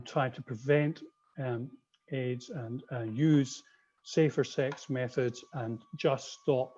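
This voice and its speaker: A man's voice: mid-range voice, mellow. A man with a slight Scottish accent presenting a webinar over a video call, hesitant, with many ums and restarts. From Scotland. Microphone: computer mic on a video call. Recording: muffled video call audio.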